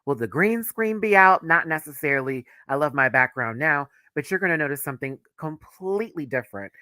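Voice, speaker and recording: Bright-voiced, sassy live-stream host man. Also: on the high side, expressive, a little fast, dry recording, clean studio sound. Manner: chatty and playful, greeting viewers by name; campy, sassy asides. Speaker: host of a live review show. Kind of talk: casual live-stream chat with viewers.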